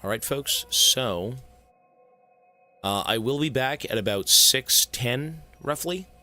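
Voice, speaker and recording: Rambling, profane male streamer with a bright voice. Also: medium pitch, lively intonation, slow pace, soft background music. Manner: rambling, profane, talks to chat. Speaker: game streamer. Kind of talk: casual live-stream chat.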